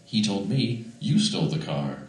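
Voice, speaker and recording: A man playing a smug police interrogator who tries to trick a suspect, speaking low and quickly. The voice stays close to his own. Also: sing-song, far from the mic. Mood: baiting. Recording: echoey club, audience laughter.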